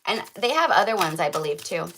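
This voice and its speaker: A woman's voice: on the low side, very animated, fairly quick, fairly bright tone, a little hiss or hum. A woman giving a casual tarot reading to camera, rambling and filling her talk with "like" and "right?". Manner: chatty, rambling, full of "like" and "right?". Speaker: tarot reader.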